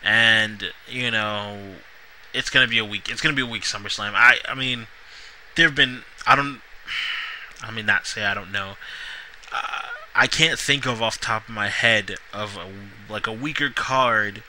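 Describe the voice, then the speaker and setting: A man's voice: fairly low pitch, steady tone, a little slow, sharp tone, a little hiss or hum, rough recording. A man reviewing a wrestling show in a casual, rambling solo vlog, full of asides and restarts. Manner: rambling, lots of fillers and restarts.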